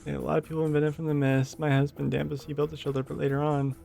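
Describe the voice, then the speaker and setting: A man reading aloud the lines of a widowed village woman from a game, in a flat voice. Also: fairly high pitch, rapid-fire, gravelly, faint music behind.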